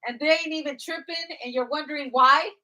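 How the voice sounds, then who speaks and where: A woman's voice: high-pitched, brisk, sharp tone, low-quality recording. A woman giving a casual tarot reading in a blunt, chatty, profane way. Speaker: tarot reader.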